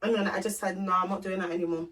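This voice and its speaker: A woman's voice: medium pitch, fairly even intonation, rapid-fire, fairly bright tone. A young woman, co-hosting a podcast and telling a personal story in casual chat, acting out both sides of the conversation. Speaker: podcast co-host. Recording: voice from a distance off the mic.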